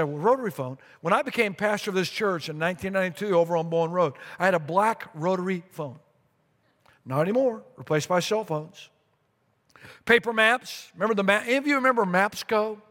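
A middle-aged man preaching a sermon as pastor, telling a long story with repeated phrases and lively asides. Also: sits high. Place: church sanctuary. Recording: long reverb of a large sanctuary.

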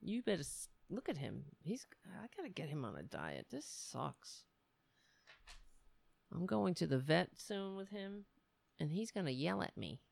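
Slow, rambling woman livestreamer with gravelly fry. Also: fairly low pitch, big pitch swings, a little mellow. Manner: rambling, self-mocking, talks to her cat. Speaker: livestream host. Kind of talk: casual livestream chat.

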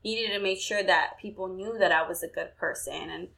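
A woman's voice: fairly low pitch, moderate pace, vocal fry, a bit bright, rough recording. A young woman in casual, candid chat who swears freely and acts out quoted conversations.

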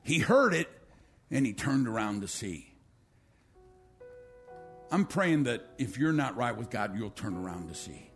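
A male pastor preaching a sermon, swinging between loud, rising calls and quiet, low appeals, acting out quotes and leading an altar call. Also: lively intonation, a little slow, long pauses, faint music behind.

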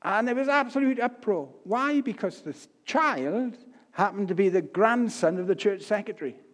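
A man's voice: high-pitched, expressive, moderate pace. Older man preaching in a reverberant church. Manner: storytelling with humor, shifts loud and soft. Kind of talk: sermon. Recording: long reverb of a church hall.

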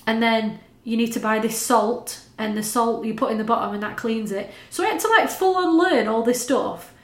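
A woman's voice: on the high side, normal speed, echoey room. A woman, chatting casually as a podcast co-host, swearing and laughing as she talks. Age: 30s. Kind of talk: casual chat.

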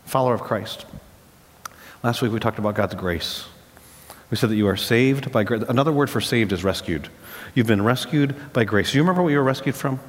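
A man preaching a sermon as pastor, mid-pitched and steady. He builds his points through emphatic repetition and storytelling. His voice carries a long reverb tail, as if recorded in a large church hall. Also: quick pace.

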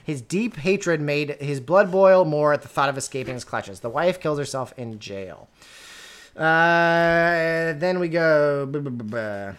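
A woman with a somewhat low voice chats casually on a podcast. She recaps a story with sardonic exasperation and lands her complaints through emphatic repetition. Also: takes it slowly, smooth. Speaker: podcast co-host reviewing a book. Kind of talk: casual chat.

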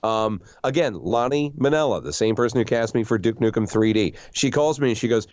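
A man's voice: medium pitch, a little fast, few pauses, dry recording. A man, a voice actor guest, telling stories in a casual interview with blunt, profane talk and a slightly dull lo-fi sound. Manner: blunt, profane, lively storyteller. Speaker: video game voice actor guest.

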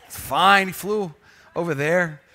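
A man preaching in church as pastor, telling a jokey story with sudden loud bursts. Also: high-pitched, unhurried. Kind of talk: sermon with storytelling.

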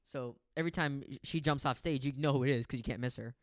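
A man's voice: mid-range voice, fast, noisy background. A young man in casual chat, telling a long story with lots of swearing, restarts and acted-out quotes. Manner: swears freely, rambling with restarts, acts out quotes.

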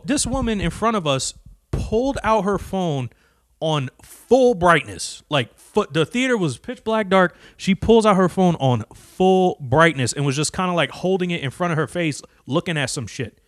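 A man ranting to camera, cursing constantly and swinging from low muttering to loud, heated outbursts. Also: very animated, normal speed, no room sound, studio quality. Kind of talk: profane rant to camera.

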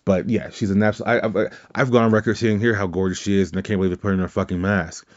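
A man's voice: on the low side, little pitch movement, fast talker, a little mellow. A man co-hosting a podcast, telling a rambling anecdote in a casual chat, often correcting himself and swearing offhand. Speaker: podcast co-host. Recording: dull lo-fi audio.

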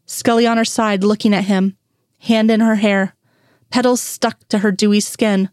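Woman, story narration, steady reading, mid-pitched voice, dry close mic. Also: moderate pace, smooth, dry recording. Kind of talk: audiobook-style story reading.

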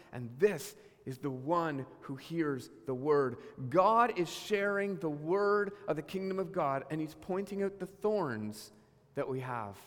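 A man preaching a sermon as pastor, animated and acting out the voices of God and his listeners. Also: fairly high pitch. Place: church sanctuary. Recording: long reverb of a hall.

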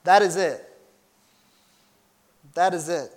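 Male pastor, young adult, earnest and emphatic sermon delivery, casual asides, voice a bit higher than most men. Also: slow.

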